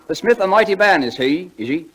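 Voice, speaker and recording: A pompous, fussy poetry reciter. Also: male voice, sits high, lively intonation, fairly quick, a bit bright, husky, exaggerated voice, poor audio. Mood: declaiming. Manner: declaims grandly, snaps in irritation. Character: pompous man reciting poetry, easily exasperated. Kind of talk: 1940s radio comedy acting.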